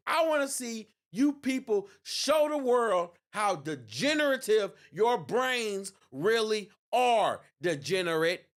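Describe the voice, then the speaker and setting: Gloating and laughing a lot, a livestream host delivers mocking commentary on election night. His voice sits high and has a fairly bright tone.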